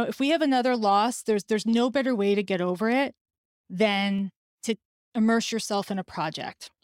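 A middle-aged woman hosting a podcast, telling a personal story in a lively way and acting out the dialogue she quotes. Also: mid-range voice, no echo, studio quality. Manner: animated, acts out quoted dialogue. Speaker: podcast host.

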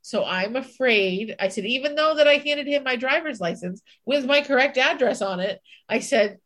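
A woman's voice: high-pitched, animated, moderate pace, a bit bright. A woman co-hosting a podcast, telling a personal story in casual chat, candid, swearing and acting out her own inner voice. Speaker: podcast co-host.

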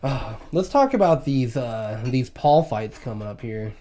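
A man's voice: medium pitch, lively intonation, measured pace, dark tone. A young man telling crude stories in casual chat, swearing and laughing as he talks. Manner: profane, laughing storyteller.

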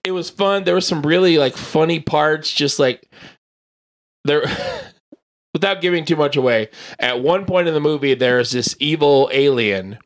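A man's voice: fairly high pitch, normal speed. A man from the United States chatting casually on a podcast, rambling with lots of fillers and laughs. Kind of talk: casual chat.

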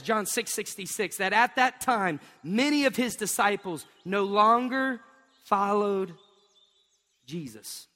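A man, preaching a sermon in an animated storytelling way. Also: high-pitched. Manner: storytelling, animated, acts out voices. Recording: long hall reverb.

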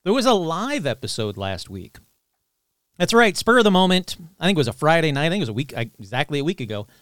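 A man hosting a paranormal podcast in a casual, chatty way, reading shout-outs and joking with himself. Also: fairly high pitch, fast talker, no echo, clean studio sound. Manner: chatty, animated, talks to himself. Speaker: podcast host.

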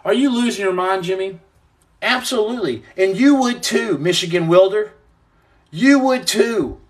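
A man hosts a casual livestream podcast, reading viewer comments aloud and riffing on them with jokes. His voice sits notably high for a man. He rambles happily, tossing out playful nicknames. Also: normal speed. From United States.

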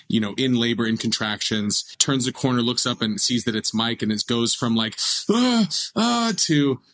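A man in his thirties from Los Angeles, a guest telling a family story in an animated, chatty way with many restarts. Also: mid-range voice, rough recording. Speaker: actor guest. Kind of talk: casual interview storytelling.

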